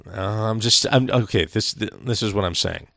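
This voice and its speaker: Gravelly-voiced man, opinionated and profane podcast co-host, dry mic. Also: lowish voice, moderate pace, a bit bright, no room sound. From Seattle, USA. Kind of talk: casual chat.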